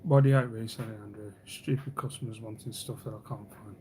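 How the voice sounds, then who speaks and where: A man's voice: lowish voice, fairly even intonation, quick pace, darkish tone, a little hiss or hum. A man hosting a casual live stream, rambling, teasing, and reading viewer comments aloud. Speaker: livestream host.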